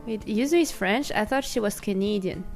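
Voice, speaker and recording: A woman streaming a game, reading its text aloud and breaking into giggly, excited outbursts. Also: medium pitch, brisk, gravelly, faint music behind. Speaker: VTuber streamer.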